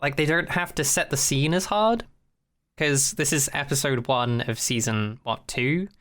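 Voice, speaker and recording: A man's voice: mid-range voice, a little slow, a bit bright. A man co-hosting a podcast, talking in a casual, rambling way with many fillers. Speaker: podcast co-host. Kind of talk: casual chat.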